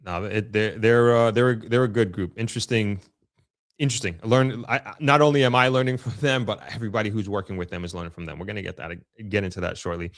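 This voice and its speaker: Man, Long Island accent, lowish voice, chatty live-stream host, dry close mic. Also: steady tone, fast, no room sound. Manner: chatty, upbeat, reads viewer comments aloud. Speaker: livestream host reading chat. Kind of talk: casual live-stream chat.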